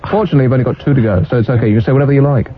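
A man hosting a late-night radio phone-in, teasing his callers and co-host with quick jokes. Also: medium pitch. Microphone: studio microphone. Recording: dull radio broadcast sound.

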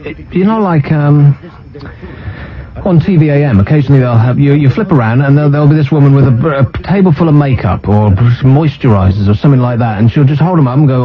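A man's voice: mid-range voice, animated, fairly quick. A man hosting a talk radio show, ranting sardonically and mocking what he's seen on TV. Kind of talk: casual on-air banter. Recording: muffled radio broadcast.

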